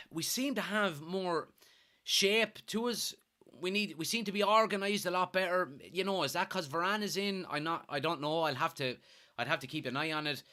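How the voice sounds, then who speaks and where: A young man hosting a live fan watchalong, giving excitable, partisan commentary and reading out chat. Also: a little high. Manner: excitable, partisan, swears when thrilled.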